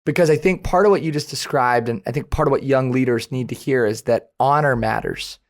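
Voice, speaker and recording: A male podcast host speaks in an affirming, reflective way. His voice sits at a middle pitch as he sums up his guest's points and leads into the next question. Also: a little fast. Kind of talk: conversational interview.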